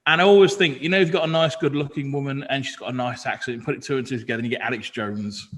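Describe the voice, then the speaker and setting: A man's voice: mid-range voice, steady tone, quick pace, a bit bright. A man on a panel making cheeky, provocative jokes in casual chat over a video call. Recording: long reverb on video call.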